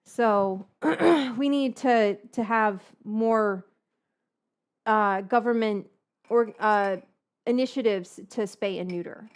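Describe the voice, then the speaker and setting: A woman's voice: medium pitch, takes it slowly, smooth. A woman, likely in her thirties, hosting a cooking livestream in a rambling, casual way and swearing freely. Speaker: livestream host baking from her cookbook.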